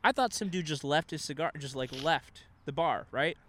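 Rambling man, slightly higher voice. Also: normal speed, fairly bright tone, slight background noise. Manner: rambling, filler-heavy, says "like" and "you know" constantly. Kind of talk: casual chat.

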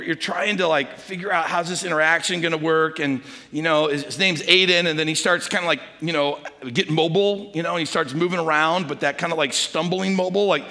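An older man, a grandfather, preaching a sermon and telling stories, dropping to a hush when he quotes a whisper. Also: on the high side. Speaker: pastor. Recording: long hall reverb.

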